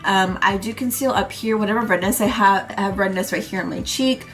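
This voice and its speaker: A woman's voice: medium pitch, brisk, fairly bright tone, faint music behind. A young woman vlogger, a little congested, chatting through her everyday makeup routine in a rambling casual way with lots of fillers. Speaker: beauty vlogger. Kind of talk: casual makeup tutorial chat.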